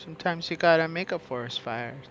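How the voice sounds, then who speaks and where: A man streaming a game in casual commentary, chatting, reading game text aloud and breaking into bursts of excitement. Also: fairly high pitch, brisk. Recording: muffled recording with faint noise.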